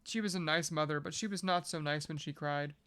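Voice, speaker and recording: A podcast reader reading a novel aloud at a measured pace, breaking off now and then for casual joking asides. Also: mid-range voice, a bit bright, slight background noise.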